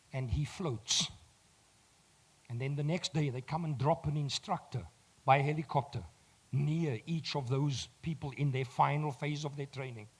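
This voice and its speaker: Croaky South African man giving a pep talk. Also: on the high side. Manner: direct, swells loud when making points, teases the audience. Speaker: motivational speaker. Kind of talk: motivational talk to a live audience.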